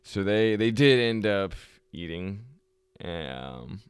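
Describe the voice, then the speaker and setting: A man's voice: fairly low pitch, lively intonation, slow, clear, resonant tone, no room sound. A young man hosting a podcast, telling a history story in a loose, profane, rambling way and laughing often. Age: young adult. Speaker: podcast host. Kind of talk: casual storytelling chat.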